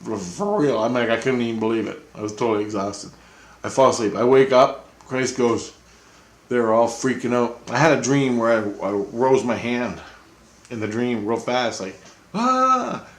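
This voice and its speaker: A man rambling through a personal story, laughing now and then. His mid-pitched voice sounds roomy and echoey, as if he is in a bare room. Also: steady tone, normal speed. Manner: rambling, chuckling. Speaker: vlogger. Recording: roomy echo.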